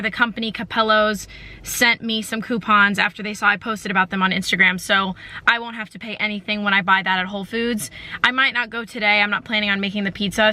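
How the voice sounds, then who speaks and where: A woman's voice: a little high, sharp tone. A young woman in a chatty, upbeat casual vlog, listing her grocery haul item by item. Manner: chatty, upbeat, lists items. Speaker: vlogger.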